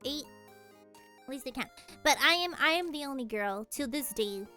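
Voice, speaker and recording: A woman's voice: high-pitched, lively intonation, normal speed, sharp tone, soft background music. A young woman streamer in casual chat, giggly and rambling, often laughing at herself. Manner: giggly, rambling, self-deprecating.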